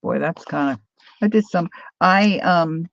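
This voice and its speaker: A woman's voice: fairly low pitch, a little slow, vocal fry, lo-fi sound, a little hiss or hum. A woman hosting a live crafting stream, chatting casually and thinking aloud while she works, with playful sound-words. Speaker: crafting livestream host.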